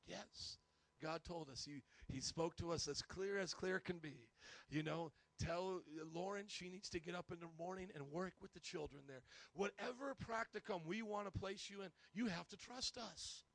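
A male pastor preaching a sermon, telling stories in an animated way and acting out the people he quotes. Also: sits high, moderate pace, creaky, no echo. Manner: storytelling, animated, acts out quotes.

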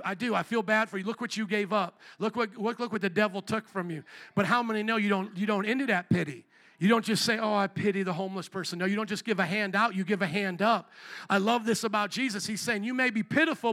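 A man preaching a sermon as pastor, asking the congregation questions and acting out quoted dialogue with animated swings in pitch and loudness. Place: church.

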